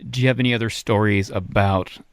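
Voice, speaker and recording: A man's voice: lowish voice, fairly even intonation, a little fast, smooth, no echo, studio quality. A man hosting an interview podcast, asking friendly, brief questions. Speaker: podcast host.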